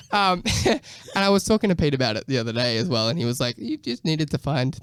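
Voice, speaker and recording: A man chatting as a podcast guest about his music, laughing often and playing his younger self in squeaky voices. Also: sing-song, fast, hardly any pauses, a bit bright, clear, resonant tone, dry recording. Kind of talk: casual podcast chat.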